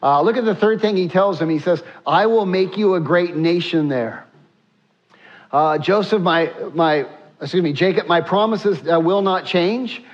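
A man preaching with animated energy, his voice rising and falling as he pulls the congregation into the passage. His voice sits a little higher than most men's, and the sound is dull and lo-fi. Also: moderate pace. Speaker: pastor. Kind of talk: sermon.

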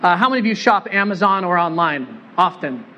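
A man's voice: sits high, animated, a little fast, pushed and bright, highs cut off, a little hiss or hum. A pastor preaching a sermon in a church, conversational and joking as he puts questions to the congregation.

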